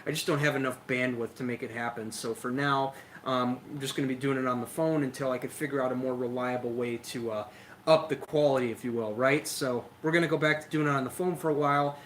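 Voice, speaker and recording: A young man hosting a casual lawn care livestream, chatty and energetic, a little out of breath, talking into a phone. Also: medium pitch, fast, a little hiss or hum, rough recording. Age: young adult. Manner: chatty, energetic, filler-heavy. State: slightly out of breath. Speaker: lawn care show host. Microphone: phone camera.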